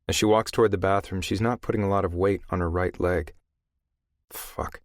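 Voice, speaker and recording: A man narrating a first-person audiobook in a gruff, profane, intimate way on a close mic. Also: deep voice, steady tone, moderate pace, dry recording.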